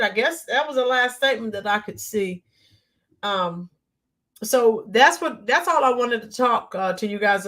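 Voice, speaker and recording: A woman hosting a casual livestream, greeting viewers by name and talking with frequent ums and pauses. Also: a little high, a bit bright. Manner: talks to viewers by name, halting with many ums. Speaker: livestream host reading chat.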